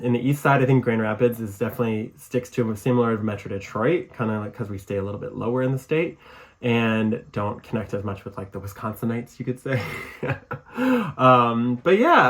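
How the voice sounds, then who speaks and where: A man's voice: mid-range voice, a little fast, fairly bright tone. A man with a Michigan accent hosting his own podcast, talking casually and rambling with lots of fillers and restarts. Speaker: podcast host. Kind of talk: casual solo podcast talk.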